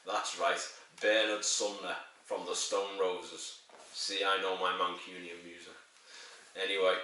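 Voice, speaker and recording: A man's voice: low-pitched, little pitch movement, a little slow, bright, forceful tone. A man reviewing a beer in a rambling, crude and jokey way, swearing as he goes. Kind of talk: casual sweary review monologue. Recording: very echoey room, mic at a distance.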